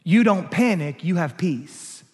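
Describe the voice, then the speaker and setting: A man's voice: high-pitched, expressive, unhurried, darkish tone, slightly rough. A man preaching a sermon as pastor, emphatic, rising and falling in force. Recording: long hall reverb.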